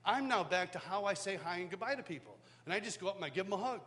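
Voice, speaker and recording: A man teaching a worship school, telling a personal story in an animated way, acting out quotes and laughing often, in front of a live audience. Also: sits high, rapid-fire. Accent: Canadian. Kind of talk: storytelling sermon. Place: large hall, live audience.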